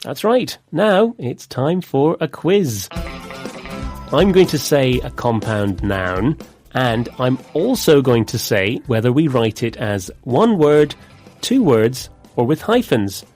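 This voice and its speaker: A man co-presenting an English vocabulary lesson, explaining words in clear, measured scripted dialogue with a close studio mic. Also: medium pitch, very animated, a little mellow, faint music behind.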